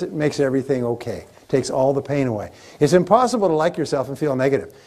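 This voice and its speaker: A man's voice: fairly high pitch, darkish tone. Emphatic male seminar speaker. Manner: emphatic and repetitive, leading the audience in chants. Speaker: motivational sales speaker. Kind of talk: live seminar talk.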